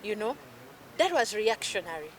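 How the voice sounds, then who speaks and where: A woman in her thirties with a Ugandan accent, an emotional healing coach in casual chat, talking in an animated way and mixing in Luganda phrases. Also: medium pitch, normal speed, a little hiss or hum.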